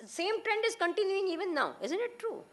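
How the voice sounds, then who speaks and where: A woman's voice: extremely high pitch, big pitch swings, fairly quick. A woman with an Indian accent giving a talk to an audience, often asking them questions and mixing in Hindi and Gujarati phrases. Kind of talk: lecture to an audience.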